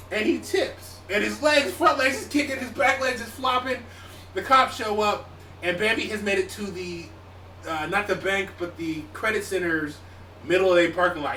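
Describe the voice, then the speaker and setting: A man's voice: high voice, bright, forceful tone. A young man casually telling a story to friends on a podcast, swearing and acting out his own panic. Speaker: podcast co-host. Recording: echoey room, distant mic, faint noise.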